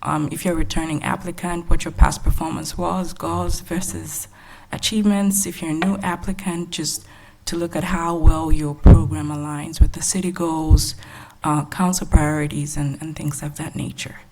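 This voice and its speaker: Low, gravelly-voiced woman presenting. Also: steady tone. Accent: Texan. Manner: soft-spoken and measured, with frequent fillers. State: short of breath. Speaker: grants evaluation staff presenter. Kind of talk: presenting at a public workshop.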